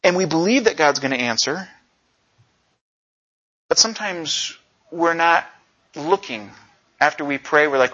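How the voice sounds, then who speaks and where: Lively man preaching, bright lo-fi sound. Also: a little high, moderate pace. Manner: animated storyteller, acts out quotes. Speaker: pastor. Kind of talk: conversational sermon. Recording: dull lo-fi recording.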